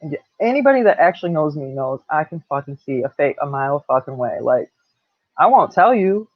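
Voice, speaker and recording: A woman's voice: sits low, sing-song, brisk, no room sound. A woman in her late thirties telling a personal story to camera, blunt and swearing a lot. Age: 30s. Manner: blunt, heavy swearing, laughs between lines. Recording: tinny dry phone-like sound.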